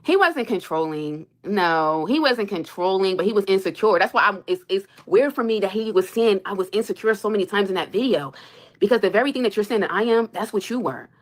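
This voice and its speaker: In a mid-range, expressive voice and at a brisk clip, a young woman reacting to super chats on her stream rants heatedly about her marriage. She sounds exasperated and emphatic, circling back to the same points.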